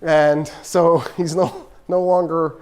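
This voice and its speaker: Mellow, animated male professor storyteller. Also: fairly high pitch, takes it slowly. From Texas, USA. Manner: animated, acts out quoted dialogue. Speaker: political science professor. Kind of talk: storytelling lecture.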